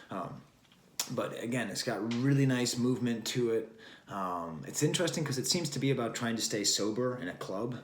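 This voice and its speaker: A man's voice: mid-range voice, a little hiss or hum. A man hosting a casual album review, talking in a rambling, wry way and drifting between thoughts with plenty of fillers. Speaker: record review host. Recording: roomy echo.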